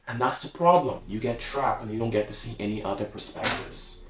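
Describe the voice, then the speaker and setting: A man's voice: medium pitch, a little fast, few pauses, echoey room, a little hiss or hum, poor audio. A man speaking casually to camera in a reflective, heartfelt monologue, slangy and open. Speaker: vlogger.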